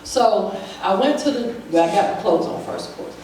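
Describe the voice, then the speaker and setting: Woman, church testimony; lively storyteller who acts out every voice; mic set back, very roomy hall sound. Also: medium pitch, moderate pace. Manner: vivid storyteller, acts out the dialogue. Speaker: church member giving testimony. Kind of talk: personal testimony at a church service. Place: church sanctuary. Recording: very echoey hall, voice from far off, faint noise.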